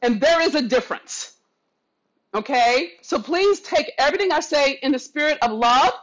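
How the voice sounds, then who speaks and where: Fiery high-voiced woman ranting. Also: expressive, moderate pace, muffled recording. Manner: fiery, preachy, swears, says she loves her viewers. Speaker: vlogger. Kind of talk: impassioned rant to camera. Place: not at home.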